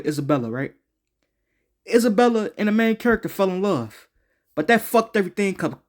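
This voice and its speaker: A man giving a casual game review, slangy and profane, rambling with frequent restarts. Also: a little high.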